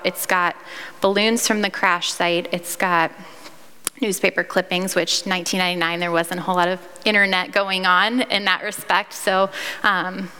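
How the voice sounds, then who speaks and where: A woman's voice: on the low side, bright, forceful tone, long reverb tail. A woman in her thirties from Iowa, sharing her personal testimony in a candid, earnest storytelling way, with fillers and restarts. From Iowa, United States.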